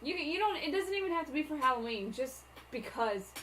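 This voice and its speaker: A woman's voice: high voice, lively intonation, a little fast, a bit bright, a little hiss or hum, low-quality recording. A woman co-hosting a casual talk show, throwing in dry teasing quips. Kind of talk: casual chat.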